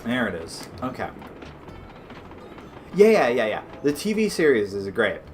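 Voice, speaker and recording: A man's voice: mid-range voice, wildly swooping pitch, a little slow, faint music behind. A man hosting a let's play, chatting casually and rambling with lots of fillers and swearing. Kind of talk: casual gameplay commentary.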